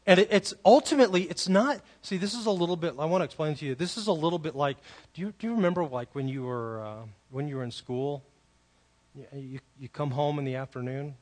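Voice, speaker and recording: A man preaching a sermon in a conversational, animated way, often asking his listeners questions. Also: fairly high pitch, fast. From California. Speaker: pastor.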